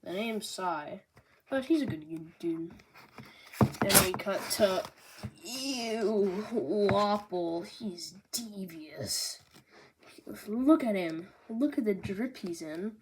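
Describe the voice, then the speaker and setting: A woman's voice: fairly low pitch, a little mellow. A young woman reviewing a manga volume in casual chat, bubbly and full of fillers and jokey asides. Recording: noisy home recording.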